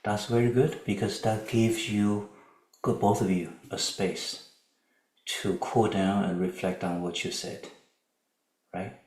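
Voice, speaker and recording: A man giving a Buddhist dharma lecture in a calm, conversational way, often checking in with his listeners. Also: lowish voice, slow pace, long pauses, roomy sound, poor audio. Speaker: Buddhist teacher.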